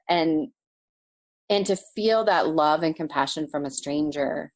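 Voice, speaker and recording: A woman guest telling a personal story in a podcast interview, animated and emotional, laughing now and then. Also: sits low.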